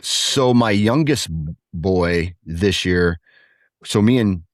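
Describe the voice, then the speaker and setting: Deep-voiced man telling family stories. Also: takes it slowly, dry recording, studio quality. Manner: rambling, animated when quoting his kids. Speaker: podcast guest, hunter and father. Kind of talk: casual storytelling chat.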